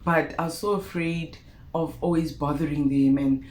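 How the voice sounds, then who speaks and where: A young South African woman telling a personal story to her viewers in a vlog, expressive and animated. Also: deep voice, normal speed. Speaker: YouTuber. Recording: roomy echo.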